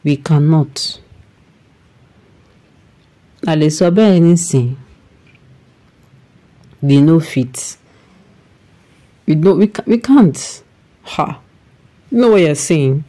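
Emphatic Nigerian woman with a mellow voice. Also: low-pitched, animated, slow pace, long pauses. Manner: emphatic, exasperated, mixing in pidgin. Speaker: news presenter and commentator. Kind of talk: news reading then opinionated commentary.

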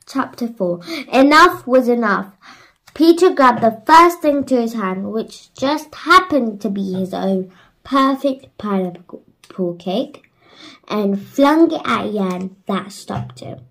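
A woman reading a children's bedtime story aloud in a slow, gentle way. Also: fairly high pitch, animated, rough recording.

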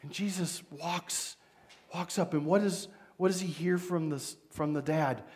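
A pastor with a Midwestern American accent preaching a sermon, retelling the story dramatically and voicing its figures. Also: male voice, on the high side, a little slow, a little mellow.

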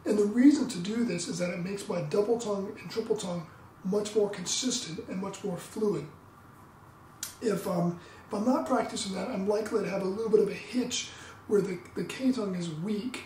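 A man explaining trumpet practice in a relaxed, explanatory way, sometimes singing tonguing syllables. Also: sits high. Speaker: trumpet teacher. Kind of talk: instructional demo talk. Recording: roomy, distant mic, faint background noise.

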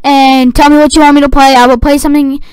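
A woman giving excitable gameplay commentary, talking to the game and shouting at it. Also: sits high, fast, dry recording. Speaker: gaming video creator.

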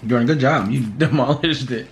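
A man's voice: medium pitch, moderate pace, a little hiss or hum. A young man and father joking around while eating a pineapple at home for a mukbang vlog. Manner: playful, joking, animated. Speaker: vlogger and father. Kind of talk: casual chat during a fruit mukbang. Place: home, at a table. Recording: home recording with music behind.

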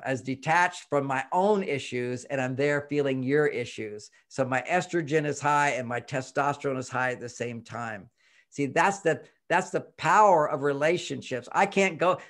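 A man who writes on relationships, talking in a casual interview, acting out quoted voices and chuckling as he explains. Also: fairly high pitch. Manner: animated, acts out quoted voices, chuckles often. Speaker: relationship author and expert guest.

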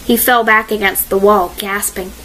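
A woman narrating a mystery audiobook in a measured, expressive reading style. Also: mid-range voice, a little hiss or hum, rough recording.

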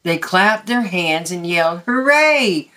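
A woman reading a picture book aloud at story time, gently and expressively for young children. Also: lowish voice, expressive, a little slow.

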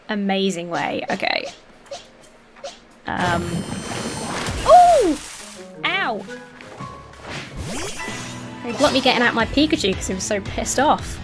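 A woman hosting a casual let's-play, chatty and gushing, swearing casually, with faint game music behind her. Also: on the high side. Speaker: gaming video host.

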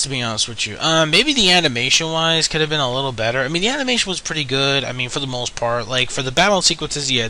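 A man's voice: on the high side, sharp tone, a little hiss or hum, rough recording. A young man casually reviewing an anime episode, rambling with many fillers and frequent swearing.

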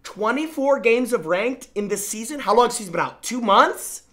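Loud, teasing young male streamer. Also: very high voice, normal speed. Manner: loud and excitable, teasing, swings between shouting and muttering. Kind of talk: live-stream chat reacting to viewer gameplay clips.

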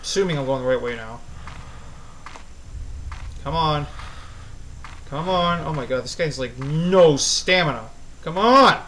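A man's voice: fairly high pitch, a little slow, long pauses, a little hiss or hum, rough recording. Jumpy swearing man playing horror game. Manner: jumpy, swears a lot, yells at the monster. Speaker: gaming channel host. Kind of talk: horror game let's play commentary.

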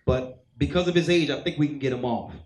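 A man's voice: medium pitch, quick pace, darkish tone, echoey room, poor audio. A man preaching as a church elder, telling a personal testimony and acting out the voices of people in his story. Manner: storytelling, acts out quoted voices. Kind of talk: sermon testimony.

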